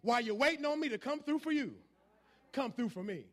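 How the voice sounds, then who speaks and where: A man preaching a sermon, building from quiet asides to loud call-and-response shouts. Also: very high voice, expressive, fairly quick, slight background noise.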